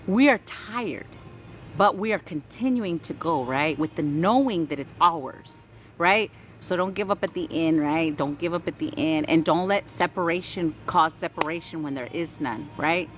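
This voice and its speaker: Low-voiced woman hosting a spiritual livestream. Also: normal speed, a little hiss or hum. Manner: animated, reads chat aloud, greets viewers warmly by name; preachy, repeats "right?" for emphasis, swears casually. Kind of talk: casual spiritual livestream chat.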